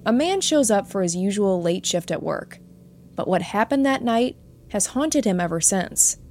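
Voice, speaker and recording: A woman hosts a show of spooky true stories and reads listener accounts aloud. Her delivery is soft and earnest, pitched in an ordinary middle range. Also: animated, normal speed, slight background noise. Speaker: host and narrator.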